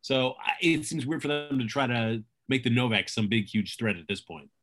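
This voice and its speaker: A man's voice: medium pitch, lively intonation, normal speed, fairly bright tone, faint music behind. A man joining a casual podcast chat, easygoing and speculating about plots.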